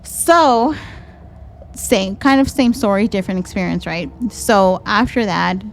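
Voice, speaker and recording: A young woman with a Texan accent, co-hosting a podcast and telling a story in casual chat, animated, swearing freely and slipping into Spanish phrases. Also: mid-range voice, unhurried, vocal fry, slight background noise. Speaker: podcast co-host.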